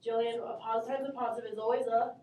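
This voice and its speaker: Woman math teacher, high voice, cheery and encouraging, echoey classroom recorded from across the room. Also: flat delivery, very fast, dark tone, distant mic. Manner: upbeat, encouraging, calls on students by name.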